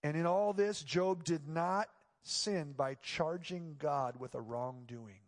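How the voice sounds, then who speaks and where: A middle-aged man preaching a sermon, telling a personal story and building to loud, pleading passages. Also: fairly high pitch, slow. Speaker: pastor. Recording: long church reverb.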